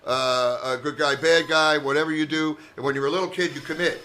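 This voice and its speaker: A man with a bright, forceful voice that sits a little high tells stories in a loose, animated way. He swears freely and jumps between tangents, like a comedian chatting on a podcast. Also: fairly quick, few pauses. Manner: profane, rambling, animated storyteller. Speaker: actor and comedian guest. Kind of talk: casual podcast storytelling.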